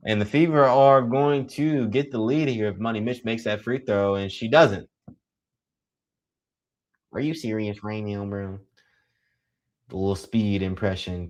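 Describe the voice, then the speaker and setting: A young man giving casual live play-by-play commentary, excitable and teasing, full of slang. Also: fairly low pitch.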